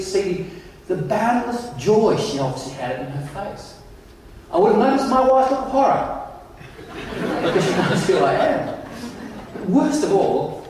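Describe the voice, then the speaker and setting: A middle-aged man giving a conference keynote, telling stories in an animated, self-mocking way, recorded in a large hall. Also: sits high, far from the mic, a little hiss or hum. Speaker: keynote speaker. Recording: echoey hall, mic heard from afar.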